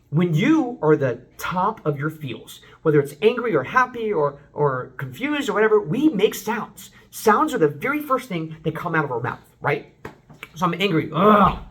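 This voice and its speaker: A man giving a casual, unscripted songwriting lesson to camera, excitable and rambling, breaking into short sung examples. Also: fairly high pitch. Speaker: vocal coach.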